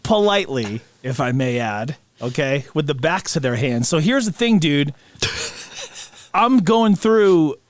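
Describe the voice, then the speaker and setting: A man's voice: a little high, dry recording. A man co-hosting a podcast, telling a long funny story with laughs in between. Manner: animated anecdote teller, laughs mid-sentence. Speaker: podcast co-host. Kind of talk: casual storytelling chat.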